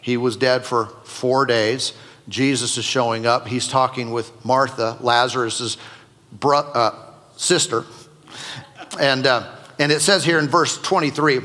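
A man's voice: medium pitch, fairly even intonation, measured pace, bright, forceful tone. A male pastor preaching a sermon in a conversational, joking way to his congregation. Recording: long hall reverb.

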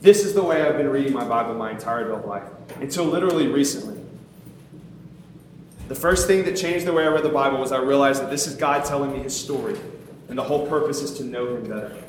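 A man preaching a sermon in an animated, conversational way, poking fun at himself. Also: mid-range voice, fast, very echoey, slight background noise. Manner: animated, conversational, self-mocking, laughs often.

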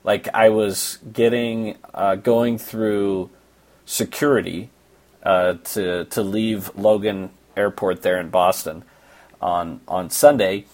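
A man's voice: lowish voice, steady tone, slow pace, darkish tone. A man from Massachusetts hosting a casual sports podcast, joking and bantering with his co-host.

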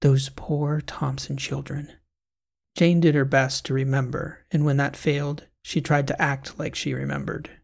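Male audiobook narrator, gravelly, measured scripted reading. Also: medium pitch, flat delivery.

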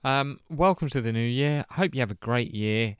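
A man co-hosting a podcast in casual chat, with a relaxed, dryly teasing manner. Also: mid-range voice, normal speed, smooth, no echo, studio quality. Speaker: podcast co-host.

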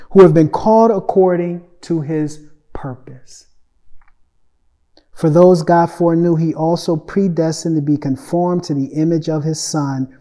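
A man preaching a sermon as pastor, swinging from loud emphatic lines to soft, hushed asides and repeating phrases for emphasis. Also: on the high side. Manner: repeats phrases for emphasis, addresses listeners with "Listen".

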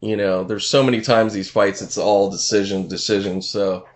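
A man's voice: on the low side, level tone, moderate pace. A man in casual conversation about boxing, rambling with many fillers and restarts and casual swearing. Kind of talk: casual chat.

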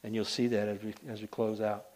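Man preaching, loud then hushed. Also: lowish voice, level tone, a little fast. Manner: emphatic, swings between loud declarations and hushed asides. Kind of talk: sermon.

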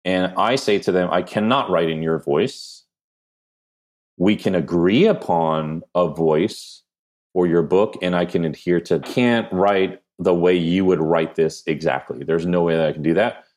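A man with a New Jersey accent, a podcast guest giving animated, self-deprecating answers in casual conversation. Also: deep voice, a little slow. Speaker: podcast guest, brand strategist.

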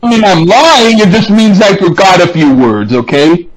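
A man co-hosting a casual podcast, halting and stammering as he jokes along. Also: sits high, animated, low-quality recording. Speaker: podcast co-host.

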